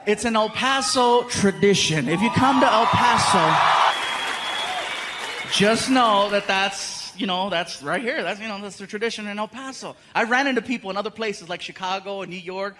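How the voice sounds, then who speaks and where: A man with a fairly high voice chats with his live audience and gives loud shout-outs between bits. The crowd and room noise are plainly audible. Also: normal speed. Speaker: comedian. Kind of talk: stand-up crowd talk.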